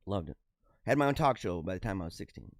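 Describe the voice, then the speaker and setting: A man hosting a casual livestream show, reading out viewer comments and chatting back in an animated way on a radio-style mic. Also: fast, dry recording, studio quality. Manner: animated, talks with feeling, drops pitch low for asides. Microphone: radio-style studio mic.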